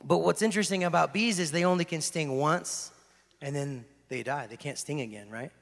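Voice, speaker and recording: A man preaches in a loose, joking style, shifting between animated storytelling and a hushed, intense delivery. His voice sits a bit high for a man and has a gravelly edge. The sound carries a long hall reverb. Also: fairly quick. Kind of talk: casual sermon. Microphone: handheld microphone.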